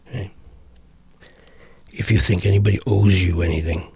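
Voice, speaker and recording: Vlogger, middle-aged man, low gravelly husky voice, dry close sound, profane exasperated rant. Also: steady tone, normal speed, warm tone, dry recording. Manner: profane, exasperated, rambling with restarts. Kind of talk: ranting commentary vlog.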